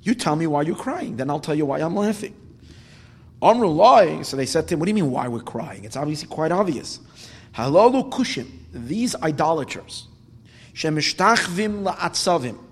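A man's voice: a little high, slightly rough. A man telling a Talmud story as a Torah class, quoting Hebrew lines and then explaining them in English. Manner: retells with Hebrew quotes, animated rises when emphatic. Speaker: Torah teacher. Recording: long hall reverb.

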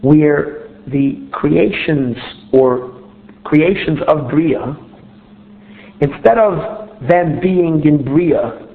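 Over a tinny phone line in a roomy space, a Torah teacher leads a text study lecture, explaining step by step and posing rhetorical questions to himself. He repeats words while hunting for what comes next. His voice is on the high side and creaky, with drawn-out words.

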